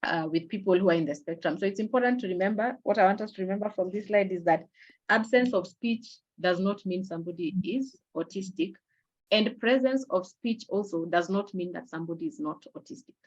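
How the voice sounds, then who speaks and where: A middle-aged woman giving an online awareness lecture in a measured, explanatory way, pausing often on fillers and restarting her sentences. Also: medium pitch, lo-fi sound. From Kenya. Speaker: webinar presenter. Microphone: video call.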